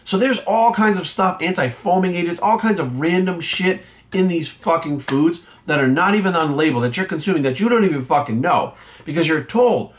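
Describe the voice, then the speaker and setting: A fitness coach ranting bluntly and indignantly, swearing nonstop in casual talk. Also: male voice, fairly high pitch, expressive, brisk. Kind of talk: profanity-laced casual rant.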